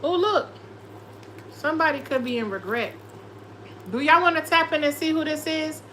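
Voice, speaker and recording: A woman's voice: high-pitched, a little fast, a bit bright, a little hiss or hum, poor audio. A woman doing a casual tarot reading, sassy and profane, often slipping into quoted voices. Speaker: tarot reader.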